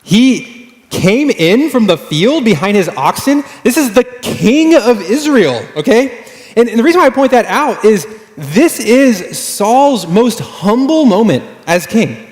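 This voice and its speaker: A man preaching a sermon as pastor, telling the story in a casual, animated way with frequent fillers. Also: sits high, unhurried. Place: church sanctuary. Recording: echoey church hall.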